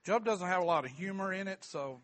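A man's voice: sits high, lively intonation, a little fast, a bit bright, slight background noise. Folksy man teaching a Bible class. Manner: folksy, asks the group questions, self-deprecating humor. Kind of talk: joking classroom Bible lesson. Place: church classroom with a group.

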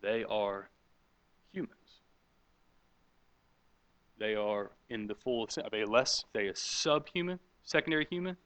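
A middle-aged man with a bright, forceful voice teaches a Bible class in a conversational sermon. He puts questions to the listeners and picks up on their answers. The sound is close and dry, with little room echo. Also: fairly low pitch, a little slow, pauses often. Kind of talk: interactive sermon with audience questions.

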